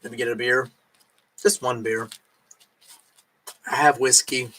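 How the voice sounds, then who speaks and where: A man's voice: medium pitch, steady tone, takes it slowly, pushed and bright, slight background noise, poor audio. A drunk man rambling casually on a late-night live stream at home, swearing and chewing food as he talks.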